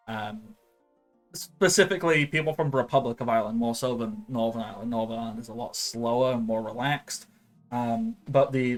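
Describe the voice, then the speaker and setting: A man as game master narrating a tabletop game, chatty and loose with many fillers. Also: medium pitch.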